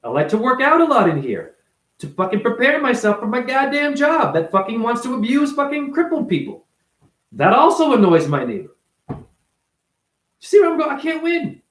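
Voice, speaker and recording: High-voiced man ranting bluntly. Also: big pitch swings, moderate pace, fairly bright tone, echoey room, rough recording. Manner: blunt, profane, emphatic. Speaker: vlogger, former ballet dancer. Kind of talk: unscripted monologue rant. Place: his apartment, indoors.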